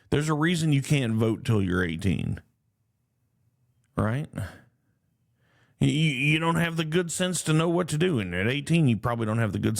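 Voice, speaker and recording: Gravelly-voiced man ranting over headlines. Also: on the low side, darkish tone. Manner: indignant, reads news items aloud then comments with frequent fillers. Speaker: podcast host. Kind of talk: solo political commentary, reading headlines.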